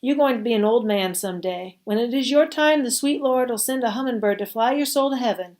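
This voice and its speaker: A woman's voice: on the high side, brisk, pitched above the performer's own voice, lightly acted. A woman playing a protective old woman. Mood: tender. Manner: warm, folksy Southern dialect speech.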